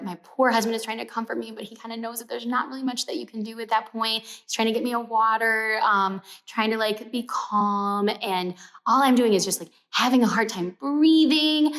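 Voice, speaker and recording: A young adult woman casually telling a personal story, animated, with lots of "like" fillers and dropping to a whisper for the gross parts. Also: fairly high pitch. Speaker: sewing pattern company storyteller.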